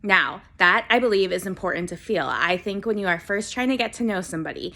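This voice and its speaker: This vlogger in her twenties speaks a little fast in a mid-range, sharp-toned, animated voice. In a casual self-love vlog she gushes earnestly and gets a bit teary, talking to herself as though facing a mirror.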